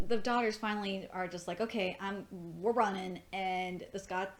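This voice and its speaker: A woman giving a casual fan review of a TV episode, excitable and gushing, swearing freely, laughing often, and jumping high in pitch when she gets worked up. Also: normal speed, background noise.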